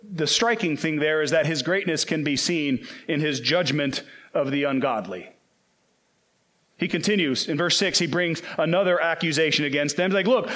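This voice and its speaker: High-voiced man preaching a sermon. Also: fairly bright tone. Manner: earnest, emphatic, quotes scripture in a slowed voice.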